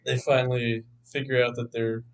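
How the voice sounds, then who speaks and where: A man's voice: mid-range voice, little pitch movement, moderate pace, clear, resonant tone, low-quality recording. A man co-hosting a film podcast, chatting casually, rambling and laughing as he talks. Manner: rambling, laughs often, acts out quotes. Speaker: podcast co-host. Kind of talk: casual chat.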